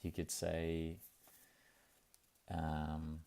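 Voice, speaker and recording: In a casual video diary, a young vlogger chats to the camera with a very low, gravelly, warm voice that stays flat and monotone. He talks slowly and rambles in a laid-back way, pausing often and filling the gaps with plenty of fillers and restarts.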